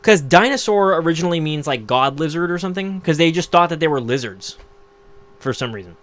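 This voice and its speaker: A man's voice: on the high side, animated, a little fast, fairly bright tone. A young man hosting a livestream, ranting casually to his chat in a mocking, profane, rambling way. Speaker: livestream host. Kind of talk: casual rant to live chat.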